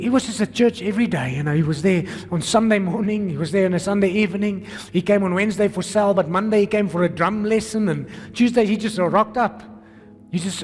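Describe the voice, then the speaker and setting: High-voiced South African pastor preaching. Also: male voice, slightly rough. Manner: energetic, rhetorical questions, calls on the congregation. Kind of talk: sermon. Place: church. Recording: long reverb of a church hall.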